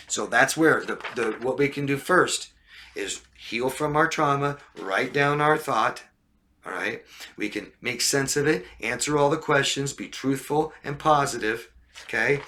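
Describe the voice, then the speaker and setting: Bright-voiced man giving blunt advice. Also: mid-range voice. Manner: direct, repetitive, checks in with "okay?". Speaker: life coach. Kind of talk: livestream advice talk answering viewer questions.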